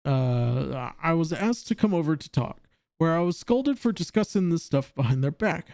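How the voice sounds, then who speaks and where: Halting male streamer, mellow voice. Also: a little high, expressive, no room sound, studio quality. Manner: halting, with frequent restarts. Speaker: livestream host. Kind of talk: reading a post aloud and commenting.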